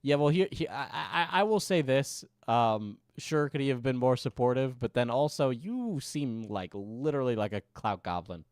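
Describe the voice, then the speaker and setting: A man in a mid-pitched voice riffs through casual stream commentary, joking and sarcastic. His sound is dry and close, with no room echo. He talks in loose, offhand bursts. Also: normal speed, hardly any pauses.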